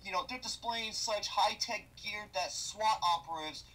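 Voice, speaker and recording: A young man ranting as a movie reviewer, loud and exasperated, with constant swearing. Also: sits high, moderate pace, poor audio. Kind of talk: profane comedic movie rant.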